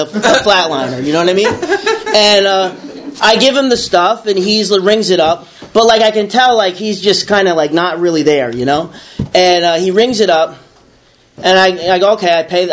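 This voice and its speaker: Speaking to a small group of listeners, this Bronx man recounts something from his own life and performs his inner voice with lots of animation. His voice sits high, and there's a little hiss or hum.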